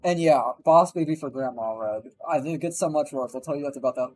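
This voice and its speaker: Young man, live streamer, husky voice, rambling swear-heavy gossip while gaming. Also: a little high, a little fast, a little mellow, soft background music, low-quality recording. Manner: rambling, profane storytelling.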